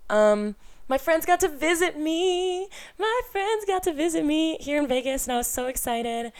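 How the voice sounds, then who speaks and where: A young woman hosting her own podcast alone, chatting casually, blunt and profane, with loud outbursts and muttered asides. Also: medium pitch. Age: young adult. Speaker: podcast host. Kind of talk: casual solo podcast chat. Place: indoor room with an air conditioner.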